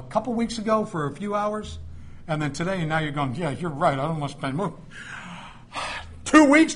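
A middle-aged man delivers a sermon in an easygoing, chatty manner. He drifts into personal stories and side remarks to his listeners. His voice sits a little higher than most men's. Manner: conversational storytelling with asides. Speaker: preacher.

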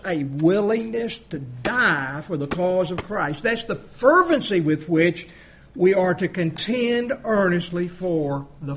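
A man preaching a sermon, emphatic, swinging between loud appeals and quiet asides, asking rhetorical questions. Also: high voice, husky. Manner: emphatic, rising and dropping volume, rhetorical questions.

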